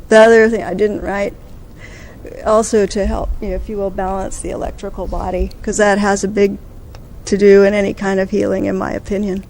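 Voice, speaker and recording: A woman giving a conference talk, telling a story and acting out the quoted dialogue with lively energy. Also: medium pitch. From United States. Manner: animated, acts out quoted dialogue. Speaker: conference speaker.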